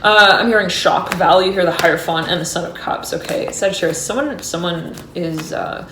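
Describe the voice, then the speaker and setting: A woman giving an intuitive tarot reading. She talks in a halting, meandering way and keeps saying she is "hearing" things between the cards. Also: on the low side, noisy background. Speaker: tarot reader and astrologer. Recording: roomy echo.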